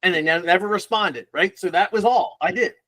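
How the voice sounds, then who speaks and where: A man joins a casual panel discussion over a video call. His voice is slightly high and plainly conversational, and he pushes back insistently whenever he is challenged. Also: a little fast, bright, forceful tone. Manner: insistent, defensive. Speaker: panel guest.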